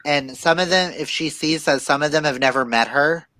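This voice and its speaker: A man co-hosting a reading livestream, chatting casually and telling animated stories while laughing often. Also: fairly high pitch, normal speed, no room sound. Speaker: livestream co-host.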